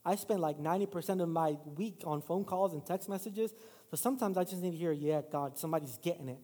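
High-voiced pastor preaching in a reverberant hall. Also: male voice, fast talker, warm tone, breathy edge. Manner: casual, self-deprecating storytelling with rising preaching emphasis. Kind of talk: sermon. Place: church sanctuary.

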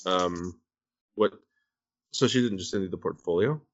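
A man's voice: deep voice, normal speed, dull audio. A man in his thirties chatting casually on a call, joking and rambling with a self-deprecating streak. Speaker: podcast host. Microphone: phone call.

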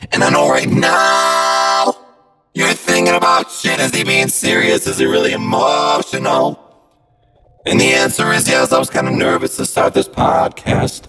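Profane podcast host through a voice changer. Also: male voice, medium pitch, creaky. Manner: profane, rambling, jokey. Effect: voice changer app. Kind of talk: half-sung comic monologue. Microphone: phone. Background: loud music.

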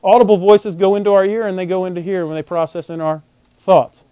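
A male preacher teaching a Bible sermon in an animated way, quizzing his listeners with questions. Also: high voice, a little fast, no room sound. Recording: dull, lo-fi and dry.

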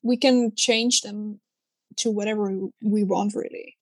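A young Dutch woman, whose first language is Dutch, chatting casually in English with a Dutch accent. Her throat is a little sore, and she talks in an animated, chatty way full of fillers. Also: mid-range voice, unhurried, no room sound. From Netherlands. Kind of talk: casual chat.

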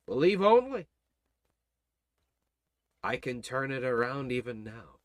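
A man playing the voice of God, hushed, low and unhurried, calm authority in every word. The sound is dry and close. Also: no echo. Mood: reassuring. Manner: slow, solemn, deep and soothing. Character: calm reassuring God speaking to a believer.

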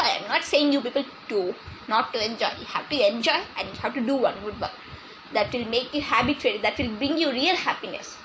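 A woman voicing a kindly old grandmother who lectures slowly and repeats her advice. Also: high-pitched, fairly bright tone, slight background noise, rough recording. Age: older.

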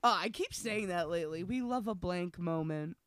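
A man's voice: high-pitched, moderate pace, smooth, dry recording, clean studio sound. Laughing, swearing podcast co-host man. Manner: laughs often, swears freely, animated storytelling. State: sleepy. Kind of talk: casual chat.

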